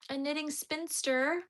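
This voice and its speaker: A woman's voice: high-pitched, fairly bright tone. A woman hosting a crochet livestream, chatting casually and answering viewer comments as they come in. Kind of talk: casual chat with live viewers.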